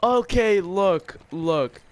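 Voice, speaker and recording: A man's voice: sits high, expressive, extremely slow. A man trash-talking an opponent over online game chat, mocking and insulting. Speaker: online gamer.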